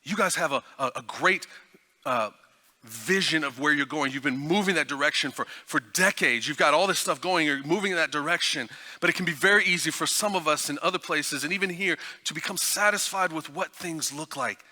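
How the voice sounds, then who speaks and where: A man from Texas preaching a sermon. He tells a story, dropping to a hushed voice for tender moments, and often stammers and restarts. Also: on the high side, brisk. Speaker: guest preacher.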